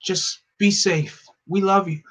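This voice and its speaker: A man voicing a tender, worried mother in a comic read-aloud, in a soft raised voice. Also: high voice, steady tone, slow pace, slightly rough, voice pushed up, exaggerated voice.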